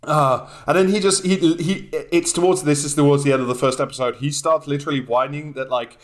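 A man on a podcast, talking loosely, laughing, swearing a lot. His voice sits at an ordinary pitch, with nothing unusual in its tone. He rambles through his points. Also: fairly even intonation, fairly quick. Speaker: podcast co-host. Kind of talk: casual profane banter.

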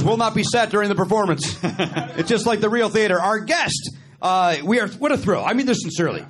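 A man's voice: high-pitched, expressive, fairly quick, a loud crowd, very noisy. A man in his fifties hosting a live comedy podcast, jokey and sarcastic. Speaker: podcast host. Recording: live stage with audience.

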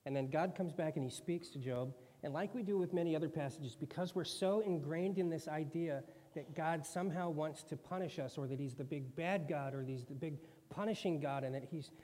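A man with a somewhat high voice preaches a sermon, talking to his listeners in a casual, conversational way and slipping into quoted voices. His words ring out with a long hall reverb around them. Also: moderate pace, few pauses, a little mellow.

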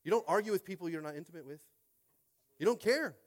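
This male pastor delivers his sermon with animation, talking fast in a high-pitched voice. He tosses out call-and-response asides and moves from loud passages to hushed ones.

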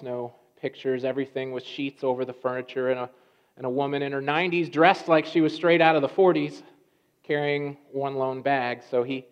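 A man preaching a sermon, telling a story in a conversational way with restarts and pauses. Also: a little high, clean tone. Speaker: pastor. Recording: dull lo-fi sound.

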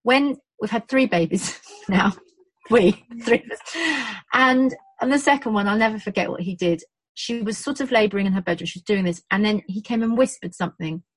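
A woman's voice: medium pitch, a little fast, husky, no room sound, rough recording. A woman with a British accent who works in birth support, chatting casually and acting out quotes as she tells stories. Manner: animated storytelling with acted-out quotes. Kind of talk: casual chat.

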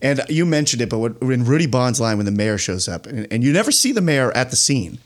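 A man's voice: mid-range voice, sing-song, brisk. A man co-hosting a casual film podcast, laughing often and acting out movie quotes. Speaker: podcast co-host.

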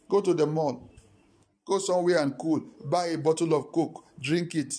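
Pastor guy preaching, animated, repeats lines, call and response, slightly high voice. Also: moderate pace, slightly rough. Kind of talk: sermon.

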